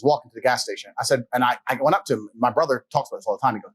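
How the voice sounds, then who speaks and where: A man's voice: mid-range voice, racing, few pauses, breathy edge, rough recording. A man being interviewed as a guest, telling stories in a blunt, emphatic way and swearing freely. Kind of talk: casual interview storytelling.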